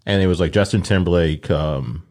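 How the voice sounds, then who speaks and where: A man's voice: deep voice, fairly quick, a little mellow. A man in casual chat, blunt and swearing freely as he swaps stories.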